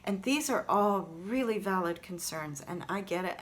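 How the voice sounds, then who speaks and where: A woman's voice: medium pitch, lively intonation, moderate pace, hardly any pauses, a little hiss or hum. A woman talking earnestly and reflectively straight to her viewers in a gratitude vlog, recorded on her phone camera. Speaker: vlogger.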